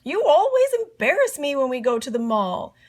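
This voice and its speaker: A woman voicing an embarrassed young boy who whines, yells and protests dramatically. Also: high-pitched, huge pitch swings, normal speed, pitched above the performer's own voice, exaggerated voice. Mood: whiny. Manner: yelling, whining protests.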